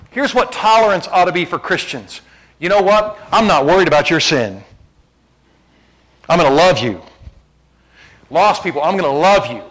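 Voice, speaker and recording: A man's voice: high voice, fairly bright tone, poor audio. A male pastor preaching a sermon, shifting between casual asides to the congregation and emphatic, rising exhortation.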